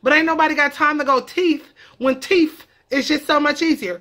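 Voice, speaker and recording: Woman vlogger, casual comedic explainer; animated and cheeky with a sharp, bright tone. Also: high voice, normal speed. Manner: animated, profane, playful banter.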